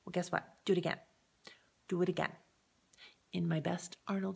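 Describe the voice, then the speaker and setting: A woman's voice: fairly low pitch, little pitch movement, normal speed, vocal fry, pauses often, slightly rough. A woman giving an upbeat, casual sales training talk, chatting straight to the viewer and often checking in with them. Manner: upbeat and encouraging. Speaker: direct-sales presenter.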